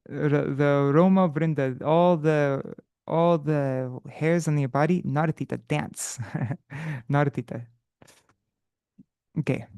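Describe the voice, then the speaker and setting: A man leading an unprepared live study session, thinking aloud with halting restarts and self-corrections, now and then chanting verses slowly. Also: on the high side, gravelly, a little mellow, smooth, no room sound, studio quality. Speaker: teacher of scripture study.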